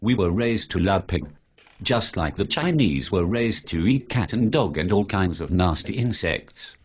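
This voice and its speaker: A man's voice: deep voice, darkish tone. A male synthetic voice playing a sarcastic superhero who lectures his friend about refusing pork, reeling off lists of things. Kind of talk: synthetic animated dialogue.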